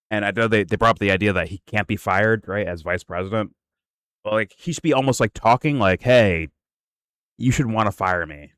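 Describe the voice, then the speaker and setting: A male host with a somewhat low voice reacts to a clip in casual commentary. He rambles, restarts his sentences and swears in disbelief. The sound is close and dry, with no room echo. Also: fairly bright tone. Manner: incredulous, profane, rambling with restarts.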